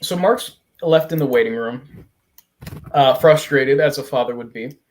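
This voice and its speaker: A man's voice: mid-range voice, unhurried. A man co-hosting a podcast, recapping a comic in a casual, crude and joking way and acting out the characters' quotes. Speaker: podcast co-host.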